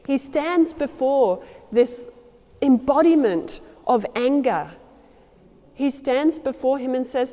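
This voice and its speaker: A woman telling a devotional story as a sermon, acting out the lines of its characters with changes in loudness and pace. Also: high-pitched, animated, takes it slowly. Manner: acts out quoted lines with shifts in loudness and pace. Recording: long hall reverb.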